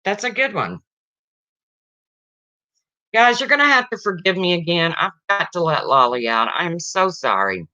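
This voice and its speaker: A chatty livestream host telling jokes and talking straight to the chat, with a bright, lively voice. The audio is dry and a bit dull, as from a home stream setup. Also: mid-range voice, a little slow, long pauses, dry recording. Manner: chatty, chuckling, talks to chat. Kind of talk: casual joke-telling livestream.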